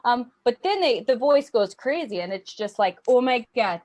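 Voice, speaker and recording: A woman's voice: a little high, big pitch swings, normal speed, darkish tone. A young woman performing a stand-up comedy set, chatty and self-deprecating, with frequent ums. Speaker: stand-up comic.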